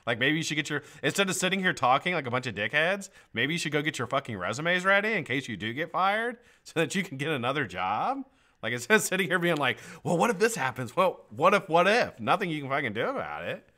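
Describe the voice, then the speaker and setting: A man's slightly high voice comes out pushed and bright as he talks at a quick, very animated clip. He's hosting a casual livestream, chatting loosely with plenty of profanity, jokes and laughs.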